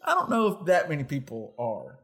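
A man's voice: mid-range voice, wildly swooping pitch, brisk, fairly bright tone. A man co-hosting a podcast in casual chat, rambling and laughing often. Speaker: podcast co-host.

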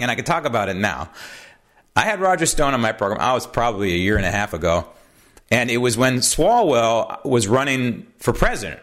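A man hosting his own talk program, giving an animated political commentary monologue, often asking "right?" and drifting into asides. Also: mid-range voice. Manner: digresses into anecdotes. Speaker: host.

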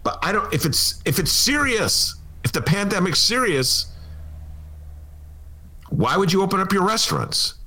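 A man's voice: high-pitched, very animated, a little slow, pauses often, pushed and bright. A man hosting a political talk show, giving opinionated commentary with sarcastic, jokey asides.

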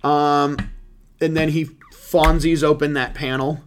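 Animated, laughing man, swearing casually. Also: a little high, a little slow, slight background noise. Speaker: podcast host. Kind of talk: casual chat reviewing a movie.

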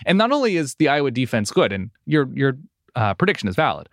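Man, chatty sports analyst, expressive pitch, dry recording. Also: quick pace, dry recording. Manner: chatty analyst, self-correcting. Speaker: podcast co-host. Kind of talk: casual sports talk.

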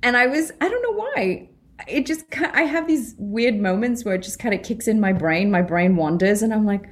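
Lively British actress, laughing a lot. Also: female voice, mid-range voice, normal speed. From Britain. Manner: animated, laughs often, acts out quotes. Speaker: actress guest. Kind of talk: casual interview chat.

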